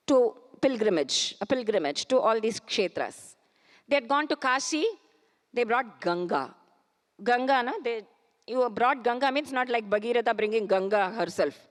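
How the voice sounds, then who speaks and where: A woman with an Indian English accent giving a spiritual talk, firing off rhetorical questions and chanting Sanskrit verses slowly. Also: on the high side. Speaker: spiritual speaker. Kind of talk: spiritual discourse with storytelling. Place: large auditorium. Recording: auditorium reverb.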